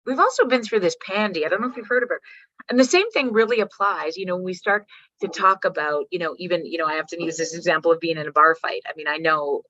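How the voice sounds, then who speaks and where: A woman from Canada gives a motivational workshop talk in a lowish but bright, forceful voice, telling animated stories with salty language. She keeps checking in with the audience. The sound is dry and a little dull. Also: quick pace, no echo. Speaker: workshop speaker.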